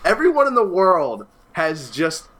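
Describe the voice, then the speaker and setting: A young man from the Philadelphia area, co-hosting a casual podcast chat, ranting in an animated, exasperated way. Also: high-pitched, a little slow.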